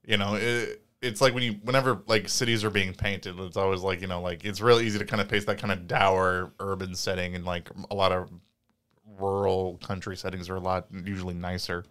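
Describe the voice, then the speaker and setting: A man's voice: low-pitched, fairly even intonation, fairly quick, fairly bright tone, clean tone. A man co-hosting a podcast, chatting casually and rambling with lots of fillers and restarts. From Indiana, US. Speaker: podcast co-host. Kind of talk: casual chat, reading listener comments.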